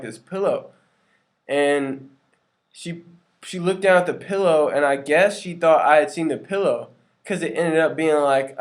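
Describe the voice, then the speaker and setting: A young man who works retail, sharing a personal faith testimony in a casual, earnest way, with lots of ums and likes, and acting out the people he quotes. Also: medium pitch. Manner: acts out quoted dialogue in shifting voices.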